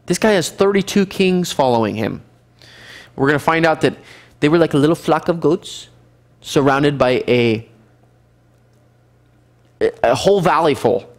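A man teaching a midweek Bible study in an animated way, chuckling and acting out the characters. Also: fairly high pitch, measured pace, long pauses.

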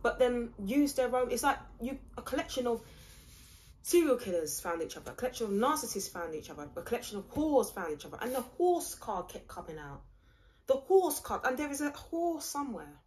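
A woman's voice: on the high side, very animated, a little fast. A woman giving a casual tarot reading, rambling, blunt and mocking. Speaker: tarot reader.

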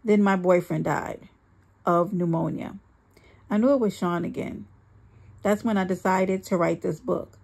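A woman reads a dramatic first-person story aloud in a husky voice with plenty of creak. Her delivery is earnest and emphatic, and she slows down to give weight to key lines. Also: lowish voice, darkish tone. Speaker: reader.

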